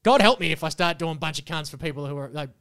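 High-voiced swearing podcast man. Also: fast. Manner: profane, animated storytelling. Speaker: podcast co-host. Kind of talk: casual podcast banter.

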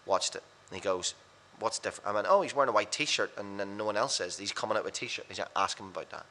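Fast-talking bright-voiced man telling stories. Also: on the low side, level tone. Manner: rapid, anecdotal, blunt and self-mocking. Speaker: radio presenter and podcast guest. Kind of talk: casual storytelling chat.

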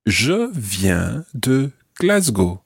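A man with a husky, fairly low voice leads a French lesson. His delivery rises and falls a great deal as he models each phrase slowly and patiently. The recording is close and dry. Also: sing-song, dry recording. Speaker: French teacher. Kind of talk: language lesson with a learner.

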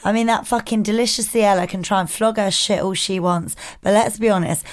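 A woman's voice: mid-range voice, steady tone, fairly quick. A woman co-hosting a podcast, brash, sweary and giggly in casual chat. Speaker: podcast co-host.

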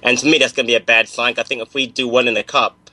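A man talks fast in a casual podcast chat. His voice is bright and forceful, and it sits close and dry on the mic. He speaks earnestly and plainly. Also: medium pitch, level tone, dry recording. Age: 50s. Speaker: podcast co-host.

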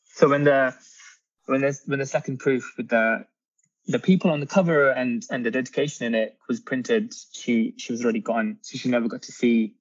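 An earnest young man speaks as an interview guest, pausing and restarting as he talks. His voice comes through a dull, muffled line. The room around him sounds dry and close. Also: medium pitch, steady tone, dry recording. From Britain. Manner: earnest, halting, with frequent ums and restarts. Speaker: author and guest. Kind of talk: candid interview conversation.

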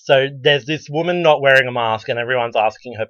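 Bright, crisp man chatting. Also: medium pitch, a little fast, no echo. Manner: animated storytelling, blunt and joking. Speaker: podcast co-host. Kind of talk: casual chat. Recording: dull lo-fi recording.

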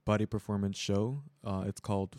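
A laid-back young man from Chicago, chatting as a podcast guest and joking easily. His voice is very deep. The sound is dry and close on the mic. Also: flat delivery, normal speed, a little mellow, dry recording. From Chicago, USA. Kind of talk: casual chat.

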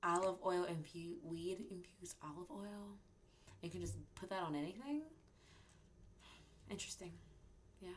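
A woman's voice: lowish voice, unhurried, long pauses. A woman co-hosting a podcast, chatting easily, agreeing and often trailing off mid-sentence. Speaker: podcast co-host. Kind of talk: casual chat.

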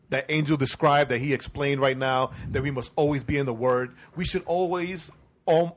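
A male podcast co-host in a casual faith discussion. He keeps checking in with "right?" and circles back over his own phrases while he works out a thought. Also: a little high. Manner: keeps tagging "right?", repeats himself while thinking.

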